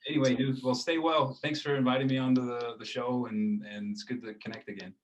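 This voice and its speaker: An American man in his thirties, telling a casual story as an interview guest, with a relaxed, rambling way of talking and lots of fillers. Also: mid-range voice, brisk, lo-fi sound. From United States.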